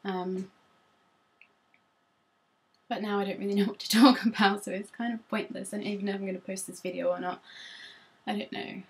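A woman's voice: mid-range voice, level tone, brisk, pauses often. A young woman from Norfolk with a Norfolk English accent, chatting casually to camera at home as a beauty vlogger, rambling and self-conscious with many ums. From Norfolk, England.

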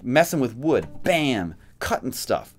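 A man talking casually to camera about his new guitar, slangy and jokey, jumping between excited bursts and low mumbles. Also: slow pace. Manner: slangy and jokey, with big swings up and down in pitch. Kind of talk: casual vlog chat.

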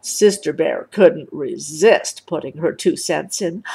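A woman, a mother, reading a children's storybook aloud in a gentle, expressive way. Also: low voice, slow, vocal fry, few pauses, breathy edge.

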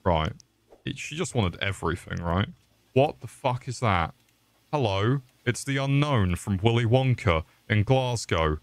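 A man's voice: lowish voice, lively intonation, unhurried, no echo. A man streaming a game with casual, crude, joking commentary and frequent swearing.

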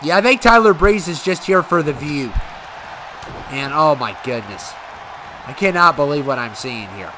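A man commentating a wrestling video game play by play, excitable and given to shouting and cheering at the big moments. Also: on the high side, normal speed. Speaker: gaming channel host. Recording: loud game crowd and noise behind.

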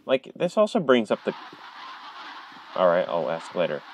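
A fairly low-voiced man plays a horror game at home, speaking into a headset. He chats casually with his viewers in a jumpy, nervous way, with sudden loud startled cries. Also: wildly swooping pitch, moderate pace, slight background noise, low-quality recording. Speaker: gamer streaming a horror game.

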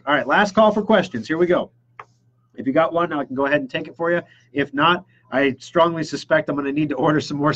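Chatty husky-voiced man on a live stream. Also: fairly high pitch, dull audio. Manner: chatty, enthusiastic storyteller acting out customers. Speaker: host of a computer repair call-in show. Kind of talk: casual live-stream chat answering questions.

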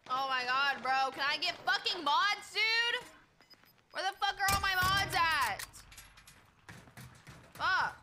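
A woman's voice: extremely high pitch, animated, slow pace, long pauses, bright, forceful tone, soft background music. A woman streaming a shooter game, chatting casually, thanking viewers and cursing bluntly. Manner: blunt and profane, thanks chat mid-game. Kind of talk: casual gaming stream chat.

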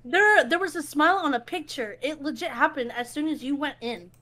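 A woman's voice: high-pitched, brisk, bright, forceful tone. A woman chatting while playing a horror game, jumpy and easily startled. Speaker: game player. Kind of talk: casual gaming chat.

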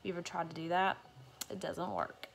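A woman's voice: on the low side, animated, moderate pace, gravelly, breathy edge. Woman reading a picture book aloud. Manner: playful, chatty, giggly. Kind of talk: picture book read-aloud with chatty asides.

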